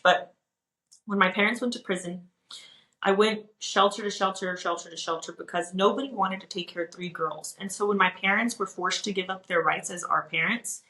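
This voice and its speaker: A woman's voice: mid-range voice, echoey room, low-quality recording. Chatty storytelling woman from Texas. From Dallas, Texas. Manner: animated, chatty, heavy use of "like". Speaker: podcast co-host. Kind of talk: casual chat, personal storytelling.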